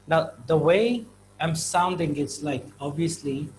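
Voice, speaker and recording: A man teaching slang in a casual online lesson, chatty, often checking in with "right?" and slowing down to repeat examples. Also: fairly high pitch, lively intonation, a little mellow, slight background noise, rough recording. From India. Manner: chatty, repeats examples slowly, frequent "right?" and "you know". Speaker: English teacher.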